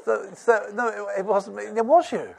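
A man preaching a sermon, lively, laughing at his own stories, swinging from soft asides to loud emphasis. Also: high-pitched, normal speed, creaky, crowd noise. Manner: animated, dropping to near-whispers and rising to loud emphasis, laughs while preaching.

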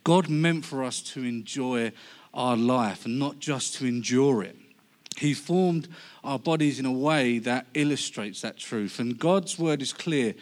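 A man with a Cockney accent preaching a humorous sermon, joking and lively. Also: medium pitch. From London. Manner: jokey, lively delivery.

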